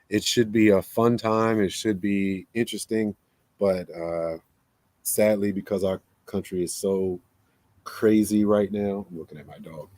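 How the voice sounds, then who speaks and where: Man, low mellow voice, loose rambling monologue host, dry close sound. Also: dry recording. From United States. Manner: rambling, self-correcting, conversational. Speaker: podcast host. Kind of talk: casual monologue.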